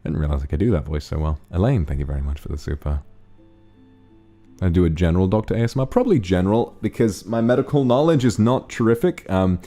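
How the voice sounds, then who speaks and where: A male streamer chatting loosely with his audience and thanking supporters as he goes. His voice sits very low, with quiet background music playing under it. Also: fast. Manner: relaxed, rambling, thanks donors. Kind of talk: casual stream chat reading donations.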